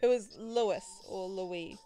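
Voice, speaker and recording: A woman's voice: mid-range voice, unhurried, mellow, soft background music. Chatty woman reading a game aloud. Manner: chatty, rambling asides, giggly. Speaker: let's play gamer. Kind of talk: reading a visual novel aloud with commentary.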